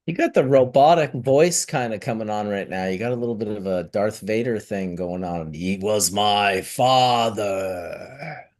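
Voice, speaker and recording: A man's voice: fairly low pitch, a little fast, hardly any pauses, warm tone. A man hosting a casual livestream, laid-back and slangy as he greets people joining. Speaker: livestream host. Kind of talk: casual stream chat.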